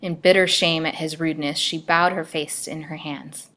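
A woman storyteller narrating a classic novel in a measured, expressive reading. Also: low-pitched.

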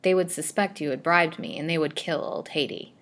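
A woman's voice: low-pitched, brisk, fairly bright tone. A woman voicing a greedy, cunning old crone of a servant in a storybook reading, with a cracked voice and short, grasping replies. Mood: greedy, sly.

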